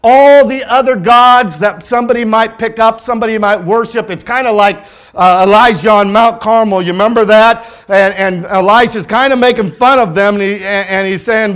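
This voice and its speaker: A middle-aged male pastor delivers a sermon with a notably high-pitched voice. He drives his points home by repeating key phrases, slowing down and leaning on the words he wants to stress. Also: fairly even intonation, fairly bright tone, smooth. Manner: emphatic preaching with repetition and slow stressed phrases.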